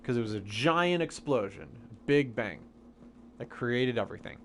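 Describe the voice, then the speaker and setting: Young man, live streamer, patient explainer, animated pitch, light background noise. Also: normal speed. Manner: explains science patiently to chat. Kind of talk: casual live-stream chat.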